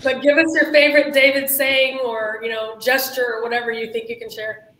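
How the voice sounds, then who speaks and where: Woman moderator, high voice, roomy echo, faint hiss. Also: level tone, a little fast, fairly bright tone. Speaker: panel moderator. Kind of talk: casual moderating. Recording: echoey room with faint hiss.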